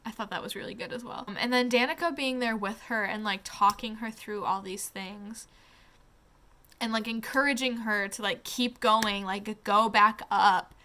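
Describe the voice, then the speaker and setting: A woman's voice: medium pitch, fairly even intonation, normal speed, pushed and bright. A young woman giving a casual book review, gushing and emotional, close to tears, with lots of "like" and casual swearing. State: tearing up.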